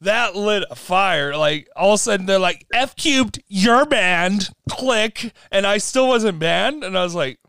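A man telling stories in casual conversation, animated and laughing often. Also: sits high, normal speed, vocal fry, few pauses, clean tone, dry recording.

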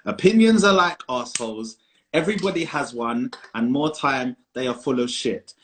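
A man's voice: mid-range voice, moderate pace, a little hiss or hum. A young man with a London accent, co-hosting a casual podcast and speaking bluntly and emphatically with plenty of slang. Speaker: podcast co-host. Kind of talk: casual chat.

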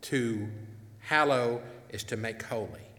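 Slow and a bit bright, a medium-pitched preacher speaks over slight background noise. He reads scripture and earnestly questions his congregation through a wireless mic, with the church hall's echo giving a long reverb.

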